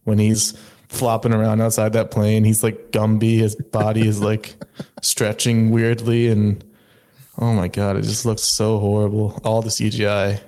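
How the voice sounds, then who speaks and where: A man's voice: lowish voice, monotone, a little slow, dark tone. A man co-hosting a casual movie review chat, blunt and critical in his verdicts. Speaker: podcast co-host.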